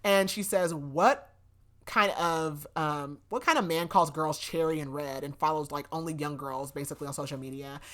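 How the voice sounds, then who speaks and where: A woman's voice: low-pitched, moderate pace. Chatty young woman recapping a book. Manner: chatty, lots of "like" fillers, laughs often. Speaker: podcast host. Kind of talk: casual book recap chat.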